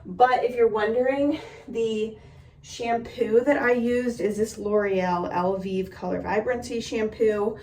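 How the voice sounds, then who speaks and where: A woman's voice: on the high side, steady tone, measured pace, darkish tone, slight background noise. A young woman giving a casual hair tutorial in a chatty, friendly way with lots of fillers, slightly out of breath. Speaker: beauty vlogger. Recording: roomy echo, mic a bit distant.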